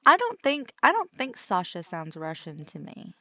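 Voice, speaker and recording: A woman's voice: lowish voice, wildly swooping pitch, normal speed, pushed and bright, no room sound, clean studio sound. A woman streaming a game with her husband, chatting bubbly and giggly with viewers. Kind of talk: casual gaming stream chat.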